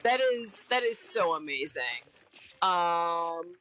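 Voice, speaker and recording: Woman streamer, bright voice, bubbly casual chat while gaming, repeats herself. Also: fairly low pitch, lively intonation, slow pace, rough recording. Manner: bubbly, repeats herself, giggly silly name-calling.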